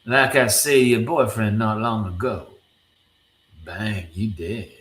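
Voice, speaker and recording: A man voicing a cocky, smooth-talking male rogue with a drawling, broken-English banter. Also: on the low side, slow, fairly bright tone. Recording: echoey room, faint noise.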